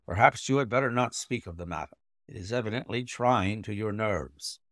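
A man voicing a middle-aged Victorian doctor, brisk and measured in speech. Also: lowish voice, a bit bright, no echo, studio quality, close to an everyday voice. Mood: concerned.

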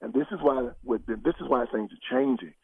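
An older man talking politics as a guest, preacherly and emphatic, his pitch rising in big sweeps as he presses each point. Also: brisk, creaky, husky, no room sound. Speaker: guest commentator. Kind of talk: political talk show conversation. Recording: tinny phone line.

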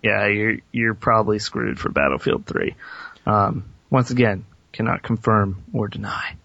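Low-voiced, blunt young man chatting. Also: fairly even intonation, measured pace, creaky, bright, forceful tone, no room sound. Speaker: podcast co-host. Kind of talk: casual chat. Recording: dull lo-fi sound.

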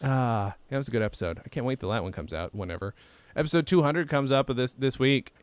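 A man hosting a podcast, telling rambling stories in casual chat, swearing freely and slipping into quick impressions. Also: mid-range voice, lively intonation, clear, resonant tone. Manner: rambling storytelling with profanity and impressions. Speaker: podcast host.

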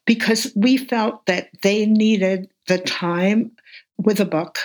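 A woman's voice: mid-range voice, slow pace. Enthusiastic older woman teacher. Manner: animated storyteller, enthusiastic. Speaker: veteran reading teacher, guest. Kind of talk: conversational interview.

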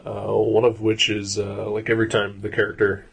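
A man's voice: fairly low pitch, completely flat delivery, normal speed, vocal fry, slight background noise. A man talking casually about an old film, rambling with lots of fillers and restarts.

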